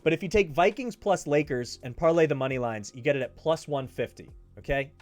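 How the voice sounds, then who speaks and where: A man's voice: fairly high pitch, brisk. A man hosting his own sports betting show, talking casually and hammering his points home by repeating them. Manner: emphatic, repeats himself for stress. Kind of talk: casual betting picks talk.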